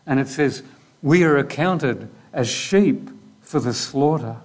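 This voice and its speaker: Man, sermon, slow measured delivery, rhetorical questions, mid-pitched voice. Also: expressive, a little mellow. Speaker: preacher.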